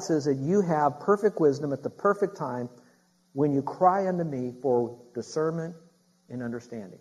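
A man's voice: fairly high pitch, normal speed, a little mellow, dull audio. A middle-aged man preaching a sermon, emphatic and repeating key phrases to his congregation. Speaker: pastor.

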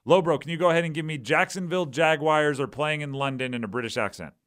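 A man hosting a sports talk radio show, animated and acting out voices as he argues his points. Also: fairly high pitch, fast talker. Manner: animated, acts out quoted voices.

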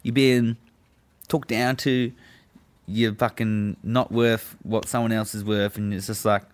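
A man's voice: lowish voice, unhurried. A man telling a prison story in casual chat, profane and laughing often. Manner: profane, laughs often, animated when recounting.

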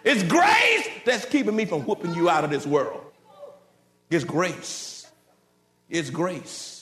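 Fiery, high-voiced preaching man, echoing church. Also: sing-song, a little hiss or hum. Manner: preaching with sudden shouted climbs and drops to low, slow warnings; folksy, direct address to the congregation. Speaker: pastor. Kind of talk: fiery Sunday sermon. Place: church sanctuary. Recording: roomy church echo.

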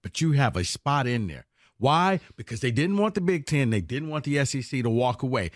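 A man hosting a sports talk show, debating college football in an animated, argumentative way. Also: mid-range voice, a little fast, dry recording, clean studio sound.

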